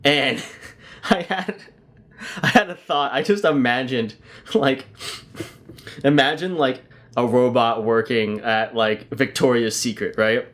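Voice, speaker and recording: A man's voice: mid-range voice, takes it slowly, pauses often, a bit bright. A young man hosting a podcast, spinning joking stories in profane, casual talk. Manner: storytelling, profane, laughing often. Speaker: podcast host. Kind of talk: casual chat.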